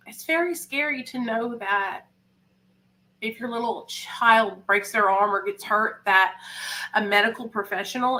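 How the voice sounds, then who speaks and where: A woman's voice: mid-range voice, pushed and bright, poor audio. A young woman hosting a livestream, talking candidly and emotionally, rambling with fillers. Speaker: livestream host. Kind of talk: casual livestream talk.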